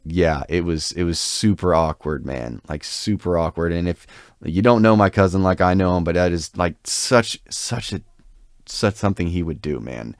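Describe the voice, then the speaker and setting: Deep-voiced man telling a rambling story. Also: moderate pace, clean tone, no room sound, clean studio sound. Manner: rambling, filler-heavy, self-deprecating. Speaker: podcast co-host. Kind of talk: casual storytelling.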